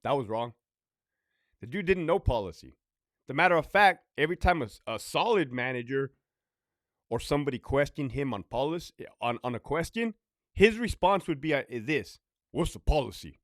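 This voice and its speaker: A man in a casual storytime monologue, ranting bluntly with plenty of swearing and repetition. His pitch swings up and down a lot as he talks. The sound is dry and close. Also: animated, normal speed, no echo. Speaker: former prison officer.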